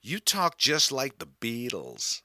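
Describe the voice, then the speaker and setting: A man voicing a friendly, chatty middle-aged American woman who speaks slowly and draws out her words. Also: on the high side, sing-song, bright, forceful tone, no echo, clean studio sound, exaggerated voice.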